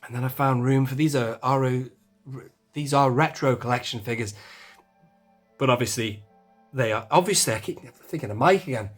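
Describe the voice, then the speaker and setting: A man's voice: medium pitch, steady tone, moderate pace, faint music behind. A man, casually touring his toy collection shelves in a chatty, self-deprecating way. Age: 40s. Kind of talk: casual shelf tour.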